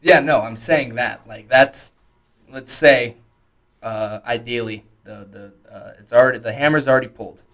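A man's voice: medium pitch, moderate pace, a bit bright. A young man co-hosting a podcast in casual chat, laid-back and profane, dropping "dude" and "like" often. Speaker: podcast co-host.

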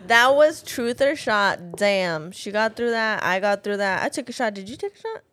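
A woman's voice: medium pitch, expressive, moderate pace, fairly bright tone. A woman co-hosting a podcast in casual chat, joking and blunt, swearing freely. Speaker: podcast co-host.

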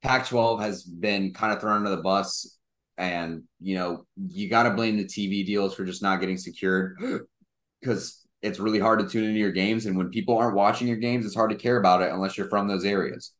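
A young man co-hosting a casual sports podcast, mocking and animated, acting out quotes as he rants. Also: fairly low pitch, moderate pace. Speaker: podcast co-host.

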